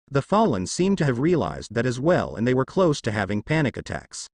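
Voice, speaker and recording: A man narrating a fanfic story in a steady storytelling way. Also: medium pitch, brisk, hardly any pauses, dry recording, studio quality. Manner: steady storytelling, lively intonation. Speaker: reader.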